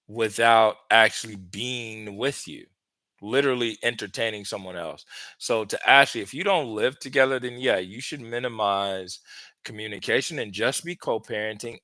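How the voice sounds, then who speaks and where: A relationship coach answering viewer questions on a live stream, giving direct, conversational advice with lots of fillers, a little out of breath. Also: male voice, lowish voice, pushed and bright, no room sound. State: slightly out of breath.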